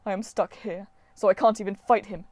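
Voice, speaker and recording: A woman's voice: medium pitch, steady tone, a little fast, a little mellow, dry recording, close to an everyday voice. A woman playing a whiny diva sun god. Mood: dramatic. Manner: wailing, theatrical, self-pitying. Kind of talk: audiobook character voice.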